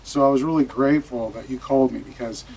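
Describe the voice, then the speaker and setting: A man's voice: mid-range voice, quick pace, vocal fry, a little mellow, breathy edge, low-quality recording. Rambling man giving a eulogy. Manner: rambling, anecdotal, many fillers. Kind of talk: memorial speech. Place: funeral gathering room.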